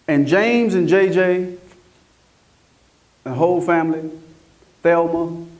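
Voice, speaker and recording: A middle-aged man from Mississippi gives an animated motivational talk and keeps checking in with his audience. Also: on the high side, slow, recorded from a distance. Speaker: conference speaker. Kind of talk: motivational storytelling speech.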